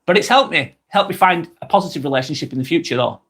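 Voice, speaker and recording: A broad, strong man in his thirties talks fast on a casual live stream, reading out viewer comments with lively intonation. His voice is a bit bright with a breathy edge and a little higher than most men's. He's blunt and chatty, swearing freely and repeating himself.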